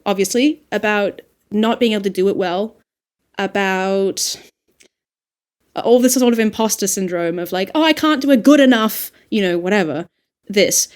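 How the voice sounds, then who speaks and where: A woman with an Australian accent, an audiobook narrator talking through her craft in a casual, animated podcast discussion. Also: medium pitch. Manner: animated, reflective, frequent laughs and fillers.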